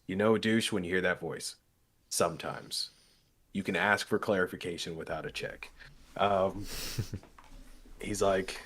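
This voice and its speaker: A man's voice: deep voice, normal speed, a bit bright. A man narrating a tabletop game as game master, in a casual, rambling way with many fillers.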